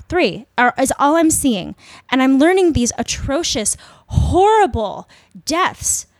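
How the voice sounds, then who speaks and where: A woman co-host speaks with an earnest, emphatic drive, pressing each point home in a podcast discussion. Her voice sits fairly high and sounds close and dry, with no room around it. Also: dry recording.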